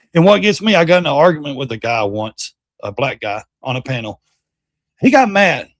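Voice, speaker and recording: A man's voice: mid-range voice, no room sound, studio quality. A man hosting a livestream, ranting in a heated, profane and mocking way. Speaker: livestream host. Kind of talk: casual political rant.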